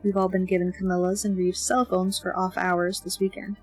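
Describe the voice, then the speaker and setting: A woman narrating a young-adult novel in the first person, with expressive, lively delivery of the dialogue. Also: fairly low pitch, normal speed, slightly rough, rough recording. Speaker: audiobook narrator. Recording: faint background music.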